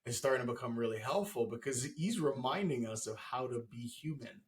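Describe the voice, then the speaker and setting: A man's voice: mid-range voice, brisk. Male podcast host telling stories. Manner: lively storytelling with stammered restarts. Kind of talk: casual interview chat.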